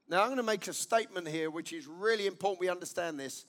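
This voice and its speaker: A man with a notably high voice preaches a sermon from the pulpit. He speaks with emphasis, says his key lines twice and turns to the congregation with direct questions. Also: fast, hardly any pauses, a bit bright. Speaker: pastor.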